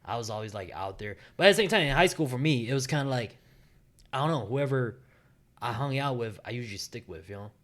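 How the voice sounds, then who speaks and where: A man in his thirties with a mid-range voice hosts a relaxed podcast. He talks easily and casually, often checking in with his listeners with "you know what I mean?". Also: mid-range voice, fast. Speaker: podcast host. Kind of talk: casual chat.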